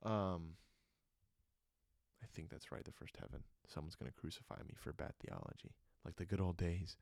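Deep-voiced earnest young man podcasting. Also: normal speed, gravelly, a little mellow, no room sound, studio quality. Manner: earnest and emotional, many fillers, jokes then turns reflective. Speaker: podcast host. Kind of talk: solo podcast testimony.

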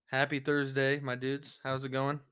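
A man's voice: mid-range voice, monotone, moderate pace, sharp tone, clear, resonant tone. Teasing young male co-host. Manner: teasing, playful banter. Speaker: podcast co-host. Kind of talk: casual podcast chat.

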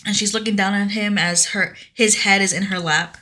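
A woman co-hosting a casual podcast, retelling a story in an animated way with lots of fillers. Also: medium pitch, normal speed. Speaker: podcast co-host. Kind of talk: casual chat.

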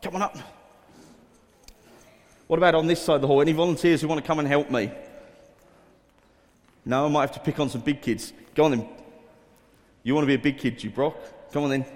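A man's voice: mid-range voice, a little mellow. A man leading a quiz for children in a school hall, coaxing volunteers and reading headlines aloud in an upbeat way. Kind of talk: addressing a room of children. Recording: echoey hall reverb.

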